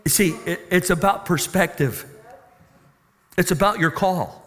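A man preaching a sermon as a pastor, animated and questioning the congregation. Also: high voice, measured pace. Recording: reverberant hall.

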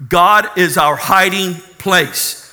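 A man's voice: high-pitched, slow, bright, forceful tone. A man preaching a fervent sermon and telling his testimony, calling out hallelujah. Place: church hall. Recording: echoey hall.

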